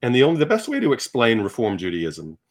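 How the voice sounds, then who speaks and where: A man, from Virginia, telling personal stories as a guest in an animated, chatty, self-deprecating way, with many restarts. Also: mid-range voice, fast talker. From Virginia, United States. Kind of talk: personal storytelling in conversation.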